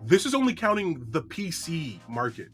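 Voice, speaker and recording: Bright-voiced excitable podcast co-host man. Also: a little high, moderate pace, husky, faint music behind. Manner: excitable, interrupts with trivia, many fillers. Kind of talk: casual chat.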